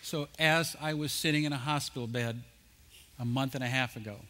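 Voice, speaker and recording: A man speaking at a conference, telling animated anecdotes with jokes. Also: mid-range voice, normal speed. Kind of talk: storytelling talk. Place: conference stage.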